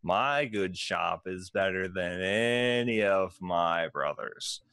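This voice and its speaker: A sluggish little gnome shopkeeper drawls out his sales pitch with dry sarcasm, as a game master puts him on. The voice sits fairly low and rings smooth and clear, and every word crawls along at a very slow pace. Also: expressive, fairly bright tone, dry recording, full character voice. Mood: drawling salesy. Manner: drawn-out, sluggish salesman patter.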